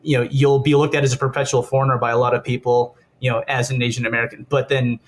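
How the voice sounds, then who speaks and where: A man's voice: medium pitch, flat delivery, fast. An American man from Southern California, a stuntman guest talking casually in an interview, rambling with lots of fillers and laughs.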